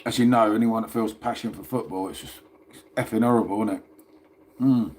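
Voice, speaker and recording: A man's voice: on the low side, brisk, darkish tone. A man hosting a casual livestream from his phone, chatting and rambling and calling his viewers "mate". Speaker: livestream host.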